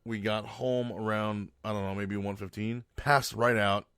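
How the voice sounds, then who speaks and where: Low-voiced man rambling through a story. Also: steady tone, a little slow, a bit bright, clear, resonant tone, no room sound, studio quality. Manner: rambling, loose, lots of fillers and self-corrections. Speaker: podcast host. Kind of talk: casual storytelling monologue.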